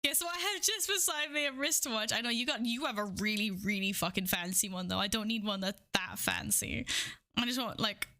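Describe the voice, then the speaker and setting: Bubbly, bright-voiced woman streamer. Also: on the high side, brisk. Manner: bubbly, giggly, playful. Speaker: livestreamer greeting chat. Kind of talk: casual live-stream chat. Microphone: streaming microphone, wearing headphones.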